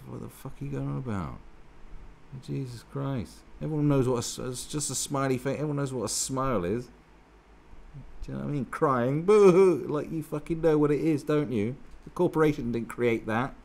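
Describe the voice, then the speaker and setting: A man's voice: mid-range voice, gravelly, a little mellow. A man giving heated, sarcastic commentary on a newspaper column, swearing often as he rants. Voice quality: profane, sarcastic, heated ranting. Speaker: online commentator.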